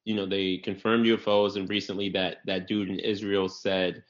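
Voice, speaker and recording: A young man in casual, profane comedic chat, trading quick riffs and jokes. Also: deep voice, flat delivery. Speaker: podcast co-host. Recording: dull lo-fi recording.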